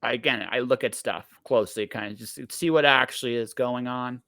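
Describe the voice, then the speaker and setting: This is a man in his forties talking on a podcast in a blunt, emphatic way. He swears casually and keeps breaking off and restarting his sentences as he works his point out. His voice sits at an everyday middle pitch for a man. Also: fairly quick, sharp tone. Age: 40s. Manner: emphatic and blunt, swears freely, frequent self-interruptions.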